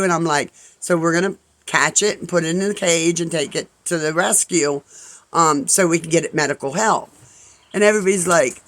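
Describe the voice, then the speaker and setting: A man's voice: a little high, a little fast, a bit bright, low-quality recording. A man in his fifties telling a casual story in a rambling way, full of asides and acted-out quotes. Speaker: vlogger.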